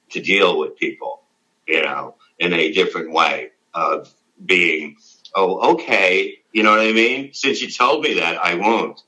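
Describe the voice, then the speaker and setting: A middle-aged comedian, telling stories in a casual interview, blunt and profane and rambling with many "you know"s. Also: male voice, low voice, sharp tone, low-quality recording. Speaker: comedian guest.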